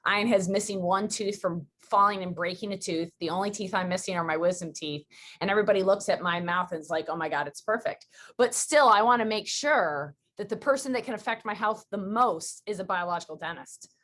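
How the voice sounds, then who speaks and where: A woman from Western New York hosting a podcast, chatting casually and telling stories with quick, rambling asides. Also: mid-range voice, a bit bright, a little hiss or hum. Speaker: podcast host. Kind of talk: casual interview chat.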